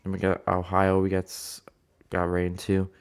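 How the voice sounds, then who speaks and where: A man's voice: low-pitched, completely flat delivery, moderate pace, vocal fry, smooth. A man casually talking through weather forecast maps, rambling with many fillers and restarts. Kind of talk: casual weather map walkthrough.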